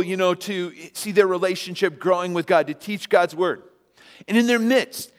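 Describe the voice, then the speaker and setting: A male pastor preaching a sermon in a church, telling the story with animated, emphatic peaks and asking the congregation to respond. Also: high voice. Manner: asks the congregation to answer and respond. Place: church sanctuary. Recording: long church-hall reverb.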